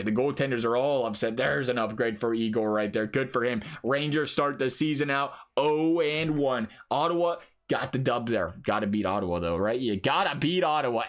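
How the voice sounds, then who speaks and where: A man giving casual gameplay commentary, chatty and often asking his viewers questions directly. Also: mid-range voice. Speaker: video game commentator.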